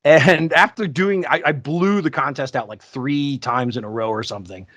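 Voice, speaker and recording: A man co-hosting a podcast, telling sales stories in a casual, animated way and acting out the people he quotes. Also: on the high side, normal speed, no echo. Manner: animated, acts out quoted voices. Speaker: podcast co-host. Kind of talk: casual storytelling chat.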